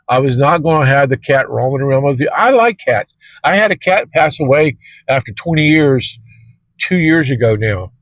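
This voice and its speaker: A man's voice: on the high side, dry recording, low-quality recording. A man who drives for a rideshare service tells a story to camera in a casual, rambling way, full of fillers and restarts.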